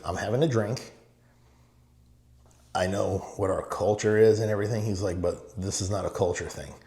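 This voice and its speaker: A middle-aged guest from the Middle East, who owns real estate, spins stories in a low, creaky, slightly mellow voice. In a casual podcast interview recorded with roomy studio echo, he speaks emphatically and repeats short phrases.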